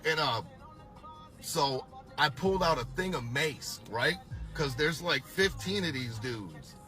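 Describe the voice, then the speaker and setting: Bright-voiced man telling a profane story. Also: on the high side, slow, soft background music. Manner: animated, swears constantly, challenges doubters. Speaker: storyteller recounting a past tour.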